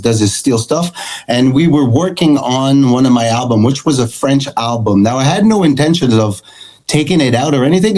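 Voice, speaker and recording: Animated storytelling middle-aged man. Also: mid-range voice, rough recording. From Canada. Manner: animated, acts out quoted dialogue. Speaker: guest, country guitarist. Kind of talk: storytelling interview chat.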